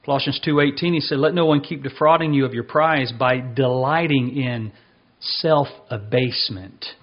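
A man preaching a sermon as pastor, reading passages and slowing down to stress his points. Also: mid-range voice, lo-fi sound.

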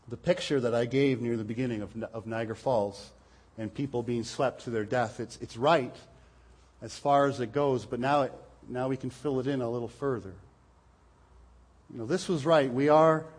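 A man's voice: mid-range voice, a little mellow. A man preaching a sermon, earnest and explaining scripture, often repeating words as he stresses a point.

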